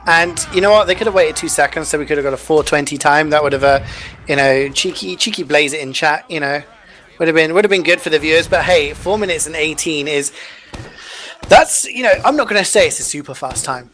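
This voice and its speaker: A male esports caster giving relaxed, analytical color commentary with casual asides and jokes. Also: on the high side, fairly quick, slight background noise. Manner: chatty, jokey, lots of "you know".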